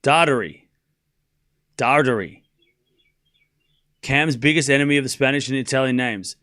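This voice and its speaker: An Australian man hosting a live tennis watchalong stream, joking with his chat, practising player names out loud and calling the points. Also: mid-range voice, fairly even intonation, fast, clear, resonant tone. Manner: playful and joking, reads chat aloud, repeats player names to practise them.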